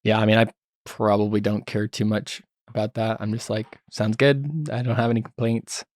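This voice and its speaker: A man playing in a tabletop game, casual and relaxed. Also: fairly low pitch, normal speed, no room sound, clean studio sound. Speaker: player.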